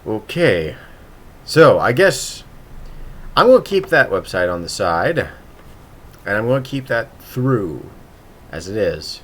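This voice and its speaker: A man's voice: fairly low pitch, very animated, takes it slowly, long pauses, a bit bright. A man hosting a casual writing livestream, thinking aloud and muttering to himself as he works.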